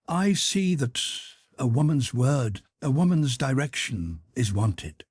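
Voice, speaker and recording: A man's voice: lowish voice, darkish tone, slightly rough, no echo, studio quality, full character voice. A man voicing a pious, ecstatic older countess who consoles in a fervent, preaching manner. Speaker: character in audiobook.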